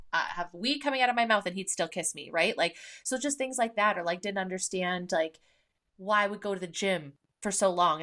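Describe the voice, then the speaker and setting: A woman's voice: mid-range voice, fairly bright tone. A woman in her thirties hosting a podcast in casual chat. She talks candidly and swears freely, with many fillers. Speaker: podcast host.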